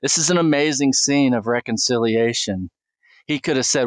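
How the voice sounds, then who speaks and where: A man's voice: mid-range voice, normal speed, no room sound. Earnest male preacher, dry sound. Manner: earnest, rising emphasis on questions, reads scripture aloud with small stumbles. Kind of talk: sermon.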